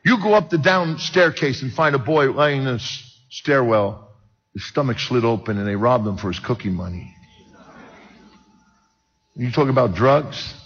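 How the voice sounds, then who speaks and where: A man's voice: mid-range voice, expressive, normal speed, pauses often, fairly bright tone, slightly rough. An older man, preaching a personal testimony and joking with the audience. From Brooklyn, New York. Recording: dull sound with long hall reverb.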